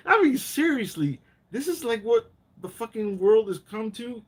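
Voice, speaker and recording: A man hosting a casual live chat, telling rambling stories full of profanity and getting worked up. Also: a little high.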